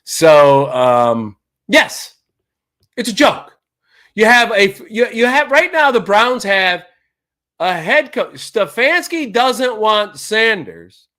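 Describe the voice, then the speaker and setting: A man hosts a live sports talk stream, his voice bright and a little high. He rants animatedly and drips with sarcasm, talking straight into a streaming mic. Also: big pitch swings, slow pace. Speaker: sports talk show host. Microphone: streaming setup mic.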